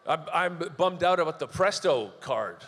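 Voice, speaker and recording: A man's voice: a little high, animated, a bit bright. A young Canadian man doing stand-up comedy, telling sardonic, profane stories. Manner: sardonic, profane, brisk storytelling. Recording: long reverb of a live venue hall.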